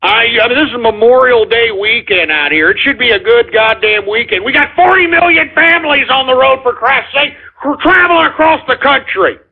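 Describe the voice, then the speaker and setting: A man's voice: extremely high pitch, animated, moderate pace, few pauses, slightly rough. A man hosting a call-in radio show, ranting irritably and swearing at his callers. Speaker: radio host taking voicemail calls. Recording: tinny phone-like radio audio.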